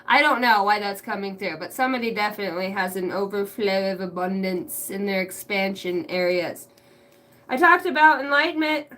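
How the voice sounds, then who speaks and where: A woman's voice: mid-range voice, normal speed, pushed and bright. A woman doing a casual tarot reading, swearing freely and breaking into laughter often. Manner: giggly, crude, keeps breaking into laughter. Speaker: tarot reader.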